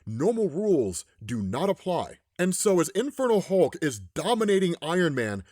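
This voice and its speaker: A man recapping a comic story in casual commentary, animated and often tagging lines with "right?". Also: on the high side, normal speed, no room sound, clean studio sound. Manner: animated, keeps adding "right?". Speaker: comics explainer.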